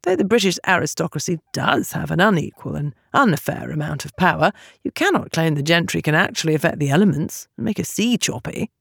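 A woman voicing a composed aristocratic gentleman who speaks mildly and evenly. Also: low voice, brisk, vocal fry, few pauses, breathy edge, no echo, studio quality, exaggerated voice. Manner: mild, even, unruffled.

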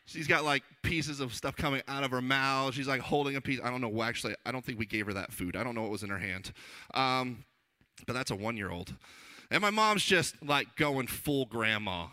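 A man's voice: mid-range voice, quick pace. A man in his thirties, a children's pastor, giving a conversational sermon full of funny stories and acted-out voices. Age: 30s. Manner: animated, jokey, acts out quoted voices.

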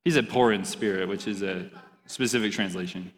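A man's voice: on the low side, a little fast, in a large hall. A man giving an interactive, joking sermon to a youth group, quizzing the audience as he reads scripture. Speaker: youth pastor.

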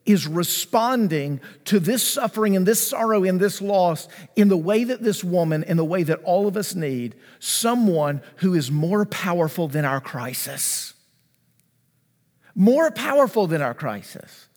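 A man preaching a sermon in a high, light voice, his words ringing with long reverb through a large hall. He is emphatic, drops to a hush and then rises, and repeats key phrases for weight. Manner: emphatic, repeats key phrases, swings between hushed and rising delivery. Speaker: pastor.

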